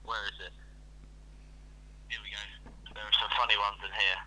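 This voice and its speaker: Bright-voiced man, grumbling on a call. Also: fairly low pitch, flat delivery, normal speed, low-quality recording. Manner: reluctant, mumbling, swears casually. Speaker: podcast host on a phone call. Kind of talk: casual phone chat.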